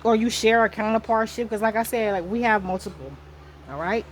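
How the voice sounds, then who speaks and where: A woman's voice: fairly high pitch, brisk, a little hiss or hum. A woman giving a casual spiritual card reading to her viewers indoors, talking in a rambling, loose way and swearing now and then. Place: indoor room.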